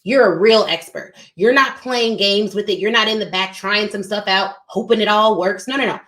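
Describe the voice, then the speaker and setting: A woman's voice: mid-range voice, moderate pace, fairly bright tone, reverberant, a little hiss or hum. A woman hosting a show, giving an emphatic motivational talk on business and sales, talking straight to her listeners. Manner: emphatic, preachy, addresses listeners as y'all. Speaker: podcast host.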